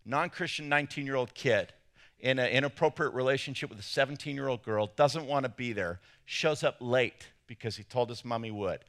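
A man preaching a sermon, telling a story in an animated way and acting out quotes with sudden loud jumps. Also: medium pitch, a little fast. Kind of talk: sermon with personal anecdotes.

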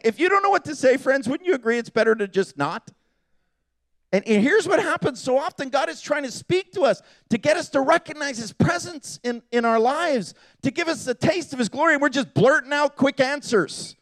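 A man preaching a sermon with passion, swinging from loud appeals to hushed, quiet asides. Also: very high voice, expressive, brisk, dry recording.

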